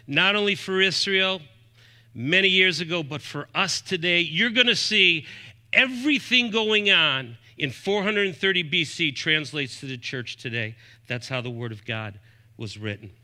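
Bright-voiced emphatic male pastor preaching. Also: on the high side, lively intonation, unhurried. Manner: emphatic preacher, rising and dropping to soft asides; often quotes scripture references aloud. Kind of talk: sermon.

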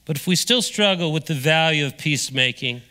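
Fairly high-voiced guy preaching, lively, gets the congregation to answer back, echoey sanctuary. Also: a little fast. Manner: energetic, engages the congregation with call-and-response. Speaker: pastor. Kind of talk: sermon. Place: church sanctuary. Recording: long reverb of a large hall.

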